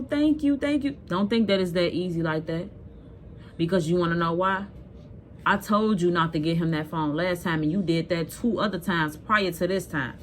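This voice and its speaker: Mother on camera, low-pitched, scolding and emphatic, talks straight to viewers. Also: slight background noise. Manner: animated, emphatic, addresses viewers directly; blunt and scolding. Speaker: vlogger telling a personal story. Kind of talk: casual storytelling to viewers.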